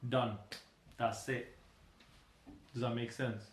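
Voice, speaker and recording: A man's voice: medium pitch, flat delivery, takes it slowly, reverberant, background noise. A young man in his twenties, a dentist hosting a casual meme reaction chat, joking and explaining things patiently. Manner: playful, jokey, explains patiently. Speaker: dentist and channel host.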